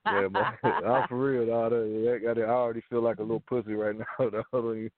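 A man's voice: mid-range voice, moderate pace, vocal fry, no echo. A man chatting on a casual talk radio show, brash and profane, full of slang. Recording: dry phone-like line.

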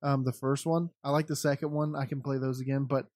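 A man guesting on a gaming podcast, chatty and quick to laugh. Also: mid-range voice, little pitch movement, darkish tone, no echo, clean studio sound. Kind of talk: casual chat.

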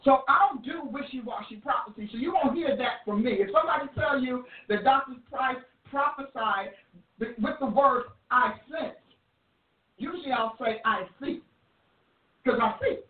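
A woman's voice: high-pitched, normal speed. A woman preacher teaching a sermon in an emphatic manner, with frequent restarts. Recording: roomy, distant, phone-like audio.

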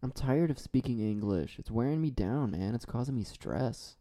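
A man hosting a solo comedy talk show, rambling in a deadpan, absurd way. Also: medium pitch, moderate pace.

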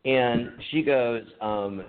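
Speaking extremely slowly at a medium pitch, a male podcast co-host tells an old story in casual chat, laughing often and swearing. The audio sounds phone-like, with faint noise.

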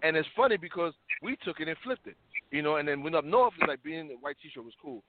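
A man tells stories in an animated, slang-heavy way. His voice sits a little high. The sound is dry and thin, like a phone line. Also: fast talker, no echo. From New York. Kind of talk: casual discussion.

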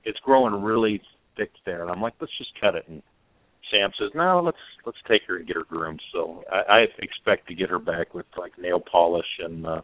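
A man's voice: sits low, moderate pace, no echo. A man co-hosting a motorcycle radio show, telling jokes in a loose, casual way with frequent restarts. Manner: joking, stumbling restarts. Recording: phone-like narrow band, dry.

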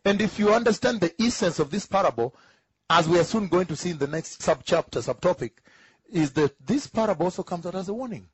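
A man preaching a teaching sermon, emphatic, who repeats key phrases slowly, asks rhetorical questions and chuckles between points. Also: high voice, animated, breathy edge, dry recording, poor audio.

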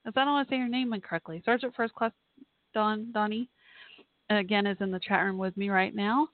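A woman's voice: mid-range voice, steady tone, brisk, dry recording. Chatty woman host on a tinny line. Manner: chatty, apologetic, thinks aloud. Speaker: podcast host. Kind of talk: casual call-in show chat. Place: home office.

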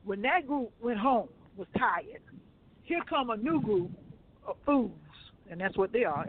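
A man co-hosting a casual talk show, telling stories in an animated way and repeating himself. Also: high-pitched, a little slow. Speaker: co-host. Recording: tinny phone-like line.

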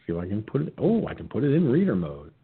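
A man's voice: lowish voice, huge pitch swings, quick pace, gravelly, slightly rough. A male show host reading news stories aloud and mocking them with sarcastic, swearing asides, yawning and stumbling as he goes. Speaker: internet radio show host. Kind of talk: casual reading and commenting on news. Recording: tinny phone-line sound.

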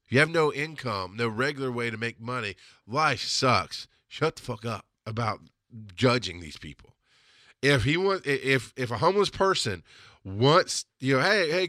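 Profane ranting man, bright dry voice. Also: medium pitch, dry recording. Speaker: podcast host. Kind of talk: solo podcast monologue.

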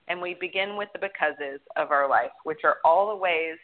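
A woman's voice: lowish voice, brisk, few pauses. A woman co-hosting a podcast in casual chat, telling stories and swearing freely. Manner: chatty storyteller who swears freely. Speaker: podcast co-host. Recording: tinny phone-like sound.

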